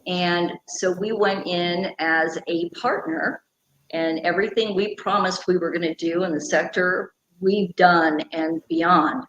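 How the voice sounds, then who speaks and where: A middle-aged woman, a radio personality and conservation founder, is a guest in a conversational interview, earnestly and passionately explaining her conservation work at length. Her voice sits on the low side, with fairly even intonation and a slightly slow pace. The recording is muffled, with crowd noise, an echoey room, and a faint background hum.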